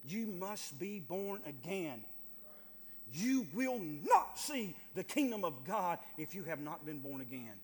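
A man preaching a sermon as pastor, calling out to the church and building to loud, rising appeals. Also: high voice, very animated, slow pace, big-room sound.

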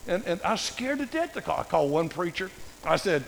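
Older preacher, gravelly and high. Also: male voice, very animated, a little fast, a bit bright, big-room sound, a little hiss or hum, poor audio. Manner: folksy, self-mocking storytelling. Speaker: pastor. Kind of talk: sermon.

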